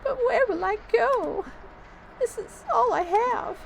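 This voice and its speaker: A woman's voice: extremely high pitch, lively intonation, a little fast, creaky, a little hiss or hum, voice pushed up, heavily acted, poor audio. A woman voicing a frail, tearful old woman who stammers and pleads as she faces eviction. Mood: pleading, tearful.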